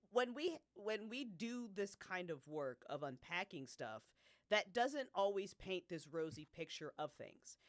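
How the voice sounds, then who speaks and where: A woman chatting casually on a live stream about an audio drama she made. She swears freely, laughs a lot and leaps up in pitch when excited. Her tone is bright and sharp, and the sound is dry and close. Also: no room sound. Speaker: guest, audio drama creator.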